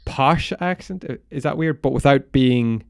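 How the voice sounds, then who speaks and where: A man's voice: medium pitch, moderate pace, creaky, darkish tone, clear, resonant tone, no room sound, clean studio sound. A young man co-hosting a podcast, who asks the questions, laughs easily and starts with "um". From Ireland. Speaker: podcast co-host. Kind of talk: casual chat.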